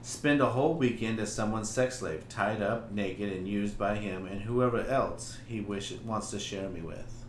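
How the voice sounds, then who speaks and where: A man's voice: fairly low pitch, measured pace, reverberant, a little hiss or hum. A man co-hosting a casual podcast, reading listener submissions aloud in a frank, joking way. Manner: frank, joking, laughs often. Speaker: podcast co-host.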